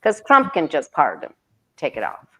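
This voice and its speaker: Low-pitched woman, emphatic and repetitive, gossipy asides, casual livestream talk. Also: huge pitch swings, normal speed, a bit bright. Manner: chatty and emphatic, repeats phrases, gossipy asides. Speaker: tarot reader, co-host. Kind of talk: casual live-stream chat.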